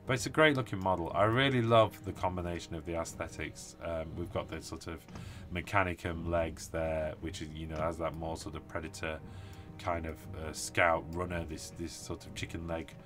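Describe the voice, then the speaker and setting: A British man with a deep, low voice hosts a casual live stream, rambling eagerly through his chat with plenty of ums. He sounds tired from too little sleep. Faint music plays softly behind him. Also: steady tone, normal speed. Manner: enthusiastic, rambling with many fillers. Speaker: host of a tabletop wargaming live stream.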